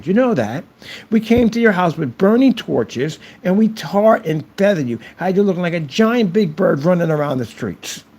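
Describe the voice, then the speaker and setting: A man's voice: a little high, darkish tone. A man ranting to camera about his projector screen, boastful and taunting his critics. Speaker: channel creator reviewing projector screens.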